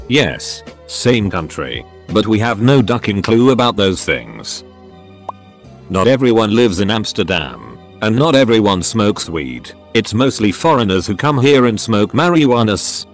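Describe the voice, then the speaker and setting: A male narrator with a lowish voice reads forum posts in steady scripted narration. His intonation moves up and down a lot, and he spells abbreviations out letter by letter. Soft music plays faintly behind him. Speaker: narrator reading online posts.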